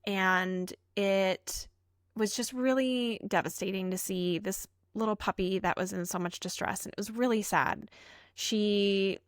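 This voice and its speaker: A woman's voice: medium pitch, fairly even intonation, measured pace, no echo, clean studio sound. A woman co-hosting a casual podcast, an emergency vet tech telling her stories in an earnest, heartfelt way.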